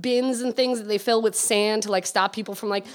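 A young woman telling a personal story in quick, casual speech, full of fillers and swearing. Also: mid-range voice. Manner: rapid, filler-heavy, animated and swearing. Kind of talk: casual spoken anecdote.

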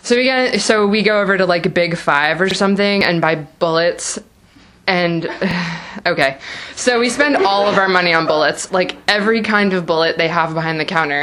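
A woman's voice: fairly low pitch, normal speed, fairly bright tone. A woman telling a personal story aloud, rambling with lots of fillers and frequent laughter. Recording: noisy live recording.

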